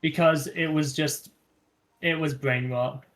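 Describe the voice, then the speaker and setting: A man's voice: a little high, steady tone, slow, fairly bright tone. A man chatting casually as a guest on a game stream, telling stories with many fillers. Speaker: guest co-player. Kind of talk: casual chat while gaming.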